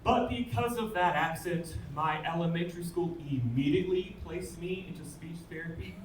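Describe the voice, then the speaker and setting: An Englishman does a stand-up set full of dry, self-deprecating punchlines, his voice on the high side at a normal speed. Captured from a distance on a comedy club stage, the sound is roomy, with audience laughter and slight background noise.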